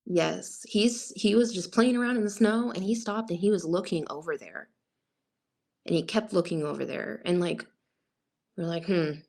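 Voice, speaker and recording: A woman's voice: fairly low pitch, normal speed, gravelly, a little mellow. A woman guest recounting a personal encounter in a rambling way, full of "like" and quoted asides.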